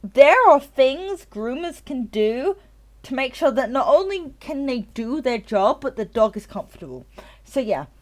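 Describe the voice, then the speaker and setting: A woman's voice: high voice, sing-song, unhurried, a little mellow. A tipsy woman streamer chatting casually and ranting at length, swearing freely and repeating herself. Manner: rambling and profane, repeats herself. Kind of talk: casual chat on a live game stream.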